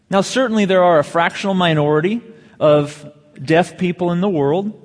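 A pastor delivering a sermon, drawing out key phrases slowly and asking the congregation rhetorical questions. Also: male voice, sits high, animated, big-room sound. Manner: measured preaching with slow emphatic phrases and rhetorical questions.

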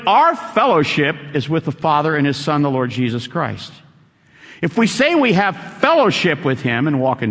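A man's voice: a little high, a bit bright, in a large hall. A man preaching a sermon, quoting scripture and repeating key lines for emphasis.

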